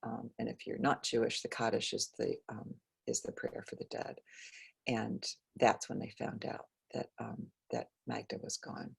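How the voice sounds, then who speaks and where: A woman author speaks on a video call in a halting, conversational way, full of fillers and restarts. She is losing her voice, and it comes out gravelly and husky. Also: very deep voice, flat delivery. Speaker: author guest. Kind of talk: conversational book talk.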